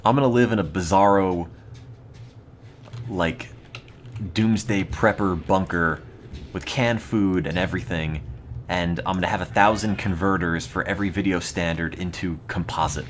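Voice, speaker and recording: Deep-voiced dry East Coast man. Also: moderate pace, slight background noise. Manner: dry, rambling, mock-serious. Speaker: streamer. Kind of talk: casual gaming stream chat.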